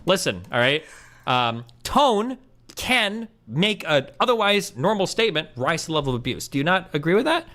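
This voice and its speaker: A man's voice: fairly high pitch, sing-song, moderate pace, pushed and bright. A man in a heated debate, blunt and sarcastic, swearing and cutting in. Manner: blunt, sarcastic, profane, interrupting. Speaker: debate streamer.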